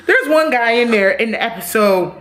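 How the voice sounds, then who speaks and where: A young woman casually reviewing a TV series, talking in animated, profane bursts that swing between loud outbursts and quick asides. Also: on the high side. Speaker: TV review vlogger.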